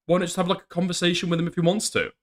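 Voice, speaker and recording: A man's voice: high-pitched, flat delivery, rapid-fire. A man hosting a commentary channel, talking casually over clips and mocking them, laughing often.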